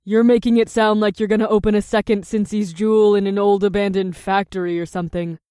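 A man's voice: sits high, level tone, fast, warm tone, clear, resonant tone, no room sound, studio quality, pitched above the performer's own voice, natural voice. A man voicing a skeptical, wry young woman who is a witch.

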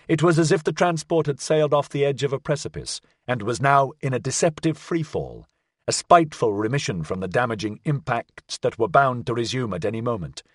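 A man reading a science fiction audiobook as narrator, with a measured, expressive delivery. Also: mid-range voice, dry recording, clean studio sound. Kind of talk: scripted narration.

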